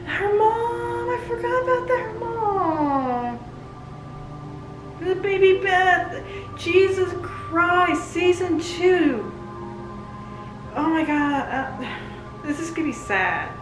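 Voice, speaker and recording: Woman reacting live, high voice, slow drawn-out delivery, gushing, roomy echo. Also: over music. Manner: gushing, excitable, talks back to the screen. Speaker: book and TV reviewer. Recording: roomy echo, faint hiss.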